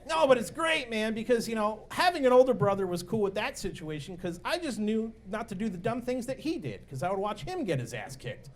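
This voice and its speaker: A man's voice: sits high, sing-song, a little fast, hardly any pauses. A middle-aged male stand-up comedian doing a brash, crude set at a bar comedy night on a handheld mic.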